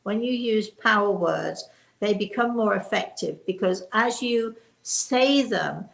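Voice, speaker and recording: A woman's voice: medium pitch, expressive, slow pace, creaky, echoey room, poor audio. An older woman hosting a live-stream chat, teaching in a chatty way and stressing key words. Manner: emphatic on key words, warm chatty restarts. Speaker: host and spiritual teacher.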